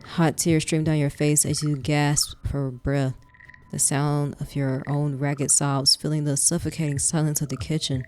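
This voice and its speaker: Low-voiced woman narrating a horror game. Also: level tone, a little slow, faint music behind. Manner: dramatic narration broken by loud, squealing reactions. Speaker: gaming streamer. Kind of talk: reading a story game aloud with reactions.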